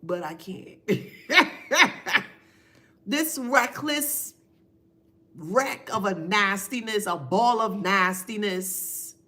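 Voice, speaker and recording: A woman's voice: medium pitch, slow, bright, forceful tone. A woman giving a casual spiritual reading on a live stream, emphatic and repetitive, thanking viewers by name. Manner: emphatic, repeats phrases, reads viewer names aloud.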